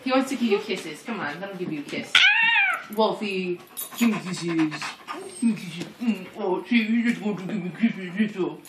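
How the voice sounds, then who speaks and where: A woman's voice: fairly low pitch, moderate pace. A young woman playfully coaxing her dog and chatting casually at home. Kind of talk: casual chat while filming a pet. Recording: roomy, distant, noisy home recording.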